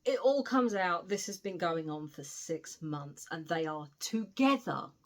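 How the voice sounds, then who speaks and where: A British woman giving a casual spoiler recap of a novel she reviews, retelling it in an animated way with cheeky asides and the odd swear word. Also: on the low side, measured pace. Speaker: book reviewer.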